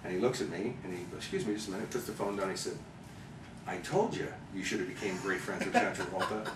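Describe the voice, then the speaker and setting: A man from Chicago, an interview guest, telling animated anecdotes and acting out the people he quotes. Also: sits low, very fast. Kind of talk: storytelling interview. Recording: roomy, distant mic with background noise.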